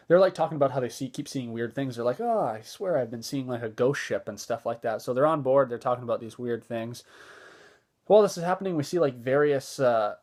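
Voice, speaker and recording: A man giving a casual spoken movie review, easygoing and enthusiastic, with a loose retelling full of fillers and restarts. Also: mid-range voice.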